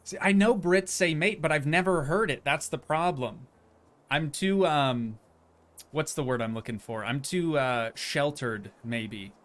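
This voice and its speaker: Unhurried and on the high side, a young man's voice rambles through casual commentary while he streams a game. He's chatty and keeps making self-deprecating jokes.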